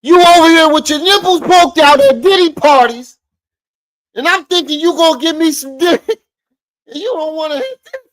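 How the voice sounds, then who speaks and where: A man doing a high-pitched mocking impression of an upset man. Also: expressive, moderate pace, a bit bright, poor audio. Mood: whiny.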